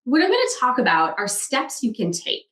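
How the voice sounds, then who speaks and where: A woman's voice: a little high, wildly swooping pitch, a little fast, fairly bright tone. A woman author talking casually in a self-help vlog, earnest and reflective, often asking questions aloud. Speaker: author vlogger. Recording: roomy echo.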